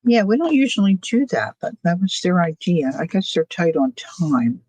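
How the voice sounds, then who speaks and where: A woman's voice: on the low side, big pitch swings, normal speed, darkish tone, dry recording, rough recording. Chatty woman crafting on a livestream. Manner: chatty, thinks aloud, reads out viewer comments. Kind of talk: casual chat while crafting.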